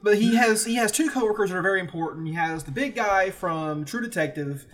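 A co-host chatting casually about a movie on a podcast. The voice sits at a middle pitch, and the delivery is wry, dry and full of sardonic asides and casual swearing. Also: a little fast, a bit bright. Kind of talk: casual film recap chat.

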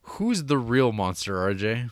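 A man's voice: mid-range voice, very animated, unhurried, no echo. A man co-hosting a casual film podcast, cracking dry jokes about the characters. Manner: dry, wisecracking. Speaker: podcast co-host. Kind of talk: casual film review chat.

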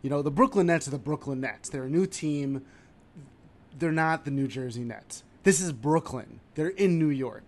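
A man co-hosting a casual sports chat, animated and ranting with sudden loud outbursts. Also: fairly high pitch, normal speed. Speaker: podcast co-host.

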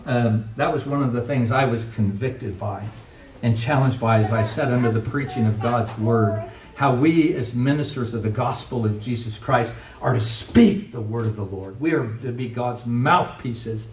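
A middle-aged pastor preaching a sermon with earnest, emphatic delivery, recorded from a distance in a church sanctuary. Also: male voice, medium pitch, normal speed, darkish tone. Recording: echoey room, voice from a distance.

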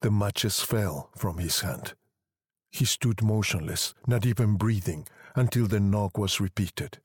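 Male storyteller, low husky voice, measured reading, dry close sound. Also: darkish tone, no room sound. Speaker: narrator. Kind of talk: scripted story narration.

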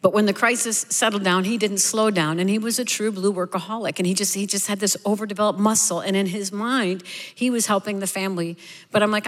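A middle-aged woman gives a sermon built on personal testimony, speaking candidly and conversationally as she tells her story. Her voice sits at an ordinary pitch for a woman. It carries the long reverb of a large church hall. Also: fairly even intonation, fairly quick. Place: church sanctuary.

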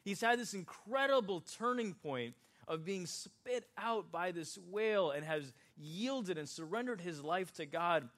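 A man's voice: high-pitched, lively intonation, a little slow, fairly bright tone. A man preaching a sermon in a conversational, joking way, talking directly with his congregation. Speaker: pastor.

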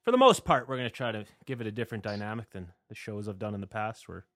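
A man's voice: on the low side, animated, quick pace, fairly bright tone, no echo, clean studio sound. A male podcast host with a nasal voice, asking questions in a jokey, casual way and laughing often. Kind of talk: casual interview chat.

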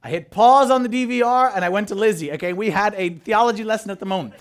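Here a priest preaches fast and high-pitched, barely pausing at all. His delivery is lively, with quoted voices acted out and swings between loud and quiet.

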